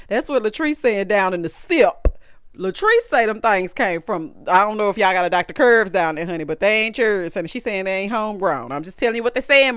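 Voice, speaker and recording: A woman from the Southern United States, speaking with a Southern accent, delivers a sassy, gossipy recap of a reality show, calling her viewers honey and y'all. Her medium-pitched voice is a bit bright and smooth. The casual commentary is recorded dry, with clean studio sound.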